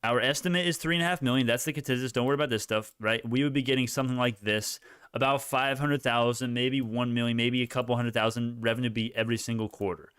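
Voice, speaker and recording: A man giving live stock-market commentary, excitable and rambling, with frequent swearing and self-corrections. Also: mid-range voice, fast, clear, resonant tone, dry recording, studio quality.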